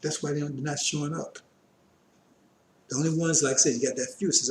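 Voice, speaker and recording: A man's voice: on the high side, fairly even intonation, brisk, pauses often. Male religious teacher, casual scripture explainer with a strained, coughing voice, roomy sound with faint background noise. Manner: reads verses aloud and explains them loosely, with many asides.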